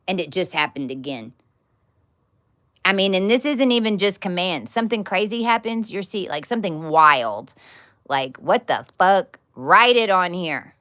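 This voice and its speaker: A woman with a fairly low-pitched voice gives a loose, unscripted teaching talk. She is blunt and profane, and she drives her points home by repeating words. Her delivery is emphatic and informal. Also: lively intonation, unhurried, a bit bright. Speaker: spiritual teacher. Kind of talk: casual teaching monologue.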